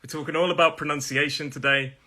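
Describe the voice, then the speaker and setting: A man with a Nottingham accent, teaching a live online English pronunciation lesson and repeating each word slowly for learners to copy. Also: a little high, fairly even intonation, pushed and bright. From Nottingham, England.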